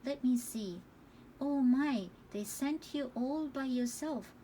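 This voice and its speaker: A woman voicing a kindly but sharp-tongued old grandmother who fusses and scolds gently. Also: high-pitched, slow pace, a little hiss or hum, poor audio. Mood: soothing.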